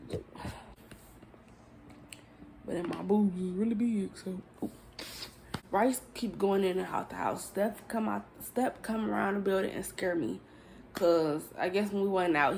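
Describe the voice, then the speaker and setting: Candid rambling young woman, gravelly voice. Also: medium pitch, warm tone, a little hiss or hum. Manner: candid, rambling, swears freely, addresses viewers as y'all. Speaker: vlogger telling a story. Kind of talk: casual storytime chat to camera.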